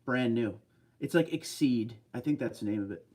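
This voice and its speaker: A man's voice: mid-range voice, animated, moderate pace, mellow. A man hosting a casual livestream from a desk chair at home, chatty as he reads viewer comments aloud and answers them. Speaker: livestream host.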